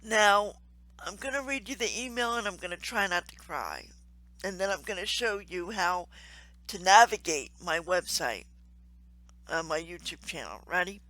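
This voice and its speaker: A woman hosting her own channel, speaking earnestly and warmly to camera, with frequent ums and soft laughs. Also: lowish voice, lively intonation, normal speed, no room sound, poor audio. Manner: earnest, heartfelt, with many ums and gentle laughs. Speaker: crafts channel host and Salvation Army volunteer. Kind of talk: casual to-camera appeal.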